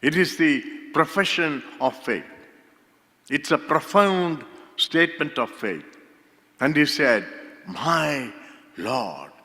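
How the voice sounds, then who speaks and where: A man from India preaching a sermon as pastor, slow and emphatic, repeating key phrases for weight. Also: medium pitch, sharp tone. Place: church sanctuary. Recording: long hall reverb.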